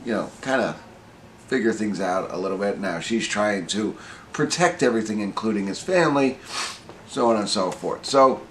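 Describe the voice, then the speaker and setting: A middle-aged man with a fairly low voice rambles through a casual movie review, slightly hoarse, full of "um"s, restarts and little jokes at his own expense. A faint room ambience sits behind him. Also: animated, normal speed, a little hiss or hum. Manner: rambling, self-joking, many fillers and restarts.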